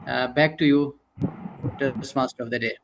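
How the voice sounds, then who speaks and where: A man's voice: medium pitch, fairly even intonation, moderate pace, background noise. A man explaining his job as language evaluator at a club meeting, hesitant with frequent fillers.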